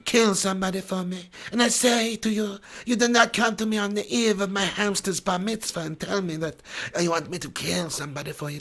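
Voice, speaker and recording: A man putting on a quiet, low, slow-talking aging mafia boss voice as a live impression. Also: creaky, heavily acted. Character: hushed aging mafia don, man, offended. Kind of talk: live impression for a stream chat.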